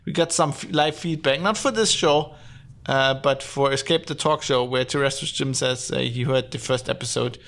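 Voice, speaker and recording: A man's voice: mid-range voice, moderate pace, a bit bright. A man hosting his own podcast, talking casually and sardonically, rambling with many fillers and restarts. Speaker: podcast host. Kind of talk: casual solo podcast talk. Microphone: podcast mic, streamed live.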